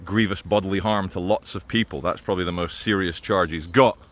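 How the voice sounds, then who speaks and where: A man's voice: low-pitched, steady tone, fairly quick, fairly bright tone. Rambling man, offhand commentary. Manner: rambling, stops and restarts, many "uh" fillers. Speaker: vlogger. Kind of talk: casual commentary to camera.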